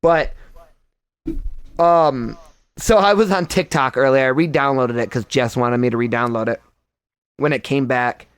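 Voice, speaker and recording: A young man hosting a podcast in casual chat, ranting in an animated, profane way. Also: medium pitch, a little slow, pauses often, clear, resonant tone, no echo. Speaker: podcast host.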